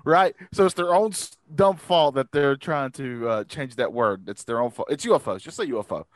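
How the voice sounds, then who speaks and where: A man's voice: mid-range voice, animated, normal speed, dry recording. A man hosting a casual podcast chat who rambles, with many fillers and restarts. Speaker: podcast host.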